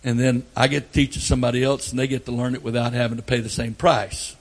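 An older man preaching a sermon, telling folksy family stories and breaking into loud outbursts. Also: medium pitch, flat delivery, fast talker. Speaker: pastor.

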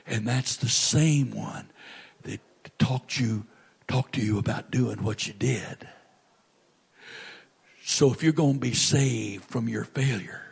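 A male pastor delivers a sermon in a gravelly, husky voice. He speaks slowly and deliberately, rising to booming peaks and dropping to hushed whispers. The voice is rough and fry-laden throughout. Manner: preaching with big swings from booming to hushed whispers.

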